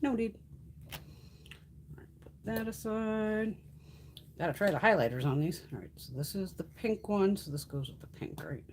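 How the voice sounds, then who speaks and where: A woman's voice: medium pitch, measured pace, pauses often, a little mellow, slight background noise. A woman hosting a casual makeup livestream from home, chatty and salty, swearing freely and cooing at her cats. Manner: coos in baby talk at her cats. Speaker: beauty livestream host.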